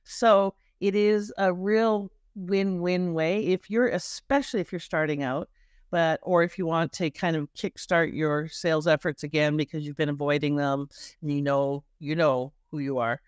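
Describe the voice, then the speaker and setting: Her voice sits low and smooth, with fairly even intonation and a moderate pace, as this middle-aged Canadian woman with a Canadian accent talks emphatically as a marketing coach in a podcast interview. She restarts and repeats herself along the way. The sound is clean studio audio with no echo.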